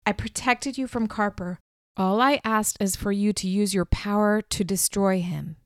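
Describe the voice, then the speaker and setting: A woman's voice: medium pitch, normal speed, dry recording, clean studio sound, close to an everyday voice. A woman voicing a furious, anguished young man, accusing and pleading, his voice tight with anger, in an audiobook.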